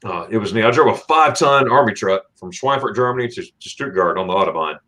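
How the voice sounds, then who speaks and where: A man's voice: on the low side, animated, fast talker, sharp tone, a little hiss or hum. A man from Florida hosting a casual livestream, reading out viewer comments in a rambling, chatty way with plenty of fillers and restarts. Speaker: livestream host.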